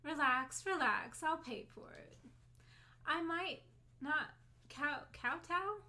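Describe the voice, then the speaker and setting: A woman's voice: sits high, slow pace, sharp tone, pitched above the performer's own voice, heavily acted. A woman reading as a posh, haughty lady. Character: fancy haughty woman ghost expert. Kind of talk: reading game dialogue aloud.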